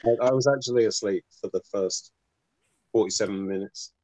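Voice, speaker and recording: A man hosting a live talk show over a video call, relaxed and thoughtful with dry humor. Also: lowish voice, moderate pace, low-quality recording. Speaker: host. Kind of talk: casual chat.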